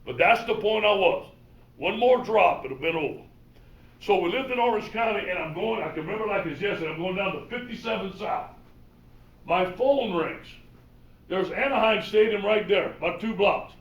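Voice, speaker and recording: A man with a Cajun accent, a football coach telling animated motivational stories and acting out the dialogue. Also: sits high, moderate pace, highs cut off. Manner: animated, acts out quoted dialogue. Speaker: football coach giving a presentation. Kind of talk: motivational storytelling talk. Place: presentation room. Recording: roomy hall, mic from far off.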